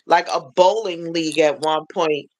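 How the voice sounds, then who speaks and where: A woman hosting a casual livestream chat, telling animated stories and acting out the people she quotes. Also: unhurried, slight background noise, low-quality recording. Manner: animated storyteller, acts out quoted voices with high pitch. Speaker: livestream host. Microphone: phone livestream.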